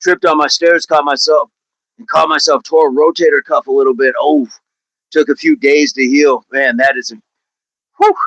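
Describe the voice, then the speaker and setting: Chatty gym coach guy on a livestream, bit higher voice, dry close sound. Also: steady tone, moderate pace, a bit bright, no echo, lo-fi sound. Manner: upbeat, chatty, counts reps aloud. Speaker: fitness coach hosting a livestream. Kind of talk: live workout stream, chatting with viewers.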